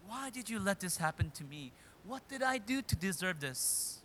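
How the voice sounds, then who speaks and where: A man's voice: high-pitched, sing-song, moderate pace, pushed and bright, long reverb tail, a little hiss or hum, heavily acted. A man voicing a desperate young man who pleads from the bottom of a pit. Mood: anguished.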